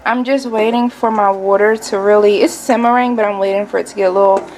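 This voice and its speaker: A woman's voice: mid-range voice, steady tone, quick pace, music in the background. A woman hosting a home baking channel, chatting and explaining each step as she cooks in her kitchen. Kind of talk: casual cooking tutorial.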